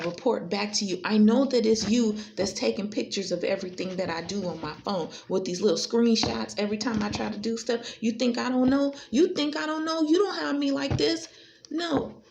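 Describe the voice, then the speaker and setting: Woman tarot vlogger, gravelly and combative, a faint hiss behind her. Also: moderate pace, a little mellow. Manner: confrontational, repetitive, swings between high and low pitch. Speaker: tarot reader. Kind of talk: direct-to-camera tarot reading.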